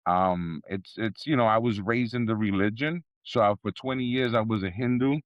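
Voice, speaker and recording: A man's voice: lowish voice, normal speed, no echo, dull audio. A man from Puerto Rico, a podcast guest telling stories in a laid-back, profane way and laughing often. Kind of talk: casual storytelling interview.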